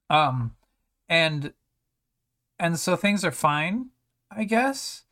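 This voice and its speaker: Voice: medium pitch, big pitch swings, a little slow, a bit bright. An anime reviewer talking casually, rambling with many restarts and sarcastic asides.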